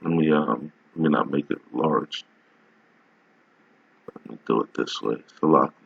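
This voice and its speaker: A man's voice: extremely low pitch, measured pace, gravelly, husky, highs cut off. A man giving casual, emphatic religious commentary over a video, rambling and often asking "all right?". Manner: rambling with many restarts while browsing.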